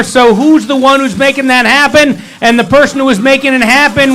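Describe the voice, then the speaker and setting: High, bright man telling a wry story. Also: steady tone, brisk, soft background music, poor audio. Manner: wry, playful, full of jokey asides. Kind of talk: joking retelling of a scripture story to a congregation. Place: synagogue hall.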